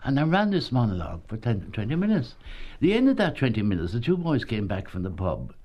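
A man's voice: medium pitch, big pitch swings, fairly quick, a little mellow. An older man, a former actor, telling a story and chuckling as he keeps saying "you see". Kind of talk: anecdotal reminiscence.

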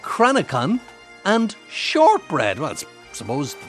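Playful radio host with animated voice. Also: male voice, fairly high pitch, slow, soft background music. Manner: teasing, playful. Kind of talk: lively radio banter.

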